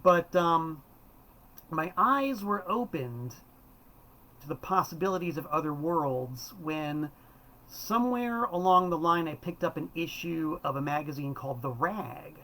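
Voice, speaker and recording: An enthusiastic man in his fifties, from South Florida, talks through records in a loose, wandering monologue. His voice sits a little high for a man, and he often stops to correct himself. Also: expressive, a little slow, pushed and bright, poor audio. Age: 50s. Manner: rambling and enthusiastic, self-correcting. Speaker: host. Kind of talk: casual monologue about records.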